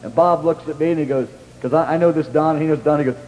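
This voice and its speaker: A man's voice: on the high side, quick pace, darkish tone, big-room sound, a little hiss or hum, rough recording. A man preaching in a storytelling style, rambling through anecdotes with restarts and acting out what others said. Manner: rambling anecdotes with many restarts and acted-out quotes. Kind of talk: storytelling sermon.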